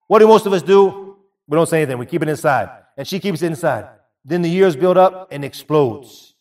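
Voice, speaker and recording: A man's voice: high-pitched, distant mic. A man giving a sermon, earnest and repeating phrases for emphasis. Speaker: preacher.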